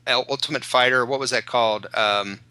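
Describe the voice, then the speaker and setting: Bright, animated male podcast co-host. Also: medium pitch, fairly quick, smooth. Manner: animated, joking storyteller. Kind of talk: casual chat.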